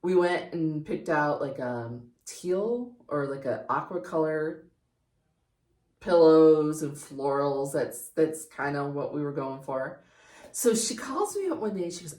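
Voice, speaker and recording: A woman's voice: low voice, lively intonation, takes it slowly, a little mellow. An older woman from Michigan, chatting casually about her home decor and telling family stories, laughing now and then as she talks. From Michigan, USA. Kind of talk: casual storytelling while showing a room. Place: guest room in her home. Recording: echoey room.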